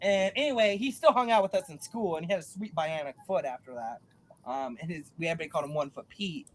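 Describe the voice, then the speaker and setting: A young man from the South telling wild childhood stories in a casual, deadpan, nonchalant way, with frequent laughs. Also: fairly high pitch, quick pace, slight background noise. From Southern US, North Carolina. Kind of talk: casual storytelling chat.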